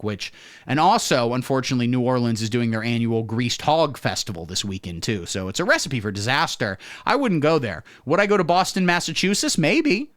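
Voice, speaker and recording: Guy doing a sweary comedy bit, voice jumps all over, dry close sound. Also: no echo. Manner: deadpan absurd jokes, sudden pitch jumps, profane. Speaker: comedy host. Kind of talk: satirical comedy monologue.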